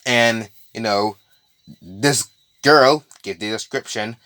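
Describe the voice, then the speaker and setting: A man's voice: on the low side, takes it slowly, sharp tone, dry recording. A man casually improvising a made-up story, rambling with many restarts and asides.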